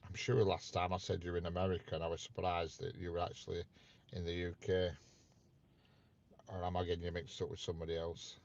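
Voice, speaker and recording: A man chats casually on a live stream, teasing his viewers with questions. His voice sits very low. The audio is muffled and lo-fi. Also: monotone, brisk, creaky, a little mellow. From north of England. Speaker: livestream host chatting with viewers.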